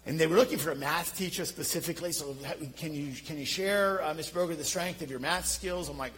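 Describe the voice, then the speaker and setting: A middle-aged man with a Philadelphia accent preaching a sermon, telling self-deprecating stories in an animated way. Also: fairly high pitch, quick pace, few pauses, a little hiss or hum, poor audio. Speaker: pastor.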